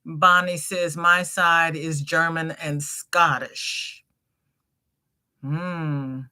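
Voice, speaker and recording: A middle-aged woman hosts a crochet livestream in an easy, chatty way, laughing as she greets viewers by name and reads their comments aloud. She talks at an unhurried, drawn-out pace, with a slightly low pitch and a bright, forward tone. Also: fairly even intonation, smooth. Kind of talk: casual chat reading live comments.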